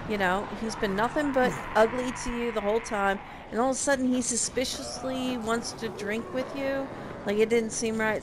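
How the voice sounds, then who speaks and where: A woman's voice: a little high, noisy background. A young woman casually recapping a game, sarcastic and profane in her exasperation. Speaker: game reviewer.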